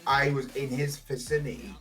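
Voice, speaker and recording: A man's voice: medium pitch, fairly even intonation, normal speed, fairly bright tone. A young man chatting casually on a stream, rambling through stories and swearing often. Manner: rambling, swears a lot, laughs at his own stories.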